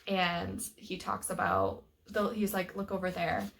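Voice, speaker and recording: A woman's voice: on the low side, big pitch swings, unhurried, a bit bright, slight background noise. A young woman casually reviewing a book, retelling the scenes in a chatty way full of quoted dialogue and fillers.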